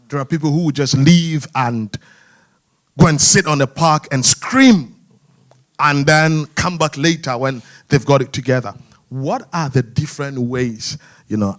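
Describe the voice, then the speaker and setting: A man with a London accent hosting a church discussion among men, earnest and searching, often restarting his questions. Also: mid-range voice. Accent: London English. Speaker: host.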